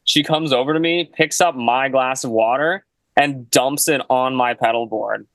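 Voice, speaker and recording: A man's voice: mid-range voice, moderate pace, a bit bright, no room sound, poor audio. A young man, a guest musician, telling a casual story in a laid-back way, full of "like" and "you know.". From Canada.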